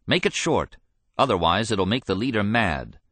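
Man voicing nervous senate aide, urgent, repeats himself, deep voice. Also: very animated, normal speed, a bit bright, dry recording. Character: anxious male Senate aide urging brevity.

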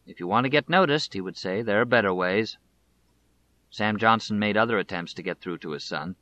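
A man narrating a biography as an audiobook in a measured, deliberate way. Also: fairly low pitch, sharp tone, muffled recording.

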